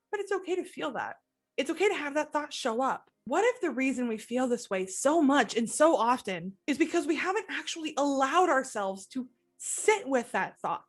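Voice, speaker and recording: A woman with a high voice talks through a podcast monologue as a recovery coach. She speaks gently and reflectively, asking the listener questions to consider.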